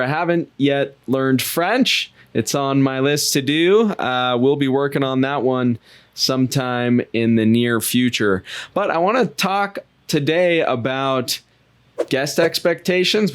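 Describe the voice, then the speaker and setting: A man's voice: mid-range voice, clear, resonant tone. Chatty man hosting a podcast. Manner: chatty, self-joking storytelling. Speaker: podcast host. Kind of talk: casual podcast monologue.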